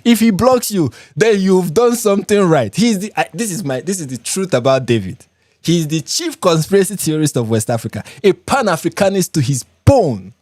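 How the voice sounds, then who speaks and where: Brief: Nigerian male livestream host, emphatic, repeats lines for effect, lively delivery, dry sound. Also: high-pitched, normal speed, dry recording. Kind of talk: live reaction commentary reading viewer comments.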